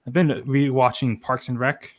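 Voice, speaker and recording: A man's voice: mid-range voice, steady tone, moderate pace. A young man, co-hosting a podcast with dry joking asides. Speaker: podcast co-host. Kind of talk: casual chat.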